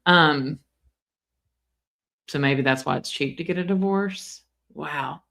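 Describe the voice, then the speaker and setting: A woman gives live-stream commentary on a trial. Her voice sits low and gravelly with plenty of vocal fry. She is chatty and exclaims often, talking straight to her viewers. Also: takes it slowly, a bit bright. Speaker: true crime commentator.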